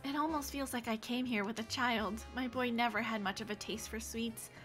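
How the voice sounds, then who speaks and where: A woman's voice: a little high, steady tone, normal speed, a bit bright, faint music behind, close to an everyday voice. A woman reading the lines of a thoughtful, observant adult protagonist in a game, in a musing tone. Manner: musing, reads lines aloud. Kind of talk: reading game dialogue on a stream.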